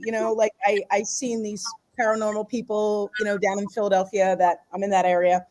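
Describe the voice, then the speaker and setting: A woman's voice: mid-range voice, little pitch movement, a little fast, few pauses, darkish tone. A middle-aged woman, a guest author and healer, tells a personal story in a casual interview, rambling, restarting her phrases and laughing often.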